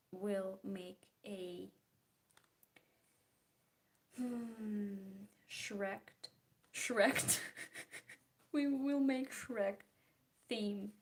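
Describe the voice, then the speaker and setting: A woman's voice: medium pitch, a little mellow. A young woman chatting casually and giggling while she paints, trailing off into murmured, half-whispered asides. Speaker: art vlogger.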